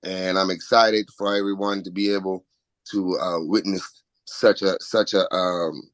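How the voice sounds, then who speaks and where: A man's voice: sits low, little pitch movement, a little slow, no room sound, rough recording. Upbeat D.C. man promoting music. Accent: Washington, D.C. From Washington, D.C. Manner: upbeat, self-promoting, chuckles often. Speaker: recording artist, interview guest. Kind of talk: casual interview talk.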